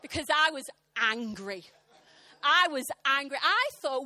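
Thirties female preacher, animated and impassioned, with a crisp bright edge to her voice. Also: high voice, unhurried, dry recording. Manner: animated, impassioned, punchy comic timing. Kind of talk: sermon with humorous storytelling. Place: church service.

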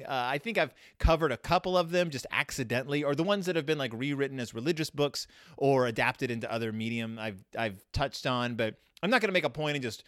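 Animated, rambling sarcastic man. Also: no room sound, studio quality. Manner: rambling, sarcastic, animated swings in pitch and loudness. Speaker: podcast host reviewing children's books. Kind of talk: casual comedic monologue.

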